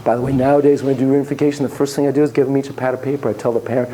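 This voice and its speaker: A man who is a psychologist telling a story to students in a lecture, animated and joking, with frequent laughs. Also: medium pitch, very fast, hardly any pauses, slight background noise.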